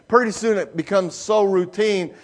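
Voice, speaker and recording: A male pastor preaching a sermon, telling a folksy family story with lively sound effects before drawing a lesson. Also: sits high, normal speed.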